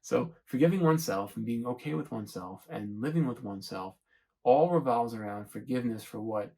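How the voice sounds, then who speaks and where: A man's voice: mid-range voice, fairly quick, a little mellow, rough recording. A man hosting a self-help channel, talking through his thoughts in a rambling, searching monologue and often checking in with the listener. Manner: rambling, searching, keeps asking "right?". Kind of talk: reflective monologue to camera.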